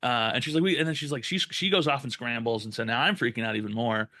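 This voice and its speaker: A man's voice: mid-range voice, fast, no room sound. Profane young man telling a story. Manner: profane, animated retelling with quoted voices. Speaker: podcast co-host. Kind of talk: casual storytelling.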